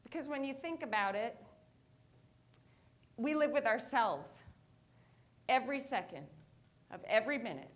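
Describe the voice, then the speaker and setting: A woman's voice: a little high, a little slow, pauses often. A woman giving a keynote talk to a live audience, telling a story and acting out the quotes in it. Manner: animated, acts out quotes in her story. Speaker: motivational speaker. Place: stage before a live audience.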